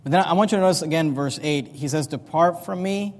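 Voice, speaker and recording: High-voiced preacher in a reverberant hall. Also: male voice. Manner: swells from low asides to loud preaching; reads scripture slowly in King James wording. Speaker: pastor. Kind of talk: sermon.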